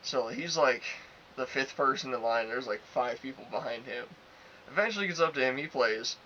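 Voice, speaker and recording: A man's voice: medium pitch, normal speed, pushed and bright. Ranting young man, slightly dull recording. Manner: crude, ranting, acts out both sides of arguments. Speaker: podcast co-host. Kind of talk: casual storytelling chat. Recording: slightly dull, faint hiss.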